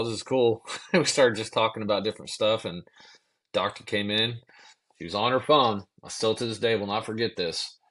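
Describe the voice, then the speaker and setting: A man with a very deep, low voice tells a personal story in an easygoing, conversational way. He acts out the other people in the story and drops the odd curse word. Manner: animated storyteller acting out quotes, swearing casually. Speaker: podcast guest. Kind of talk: casual storytelling.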